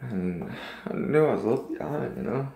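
A man's voice: mid-range voice, very animated, moderate pace, gravelly, dark tone, reverberant. A man telling a personal dream story in a casual, rambling and earnest way, full of restarts.

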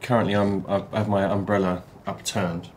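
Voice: low-pitched, flat delivery, moderate pace, darkish tone, a little hiss or hum, natural voice. A player voicing a small, earnest robot companion that beeps and speaks formally and precisely.

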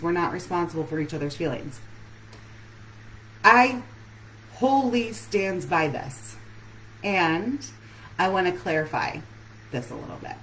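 A woman's voice: fairly low pitch, animated, measured pace, long pauses, a bit bright, a little hiss or hum, rough recording. A woman relationship coach giving an earnest live-streamed talk that puts many questions straight to her listeners.

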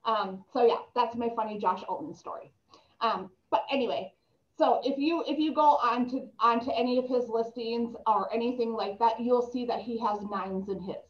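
A woman's voice: a little high, normal speed. A woman giving casual real estate advice to a group, chatty and full of stories. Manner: chatty, storytelling, many ums. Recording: echoey room, dull lo-fi sound.

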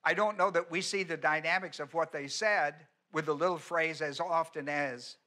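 A man's voice: fairly high pitch, fairly even intonation, normal speed, pushed and bright. A male pastor teaching an expository sermon, driving points home by repeating them and asking the congregation whether they follow. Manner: emphatic teaching, repeats key words, asks the congregation questions.

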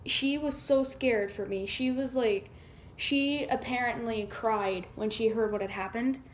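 Teen girl vlogger, casual storytime, chatty and dramatic, slightly high voice, faint room hum behind. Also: a little slow. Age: teens. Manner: chatty, says "like" a lot, dramatic retelling.

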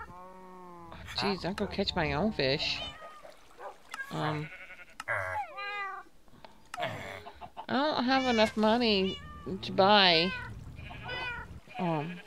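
A woman's voice: medium pitch, vocal fry, background noise. A woman casually talking through her gameplay, thinking aloud and reading out game text. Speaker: gaming video host.

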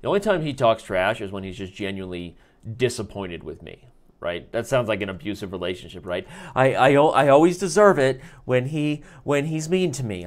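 A man hosting a live chess stream, commentating his games with playful, joking banter. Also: mid-range voice.

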